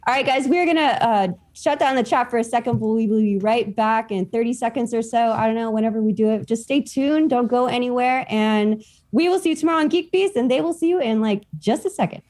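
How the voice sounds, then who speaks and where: Upbeat woman host, slightly high voice. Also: fairly quick, darkish tone. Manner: upbeat, eager interviewer. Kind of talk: casual live-stream chat.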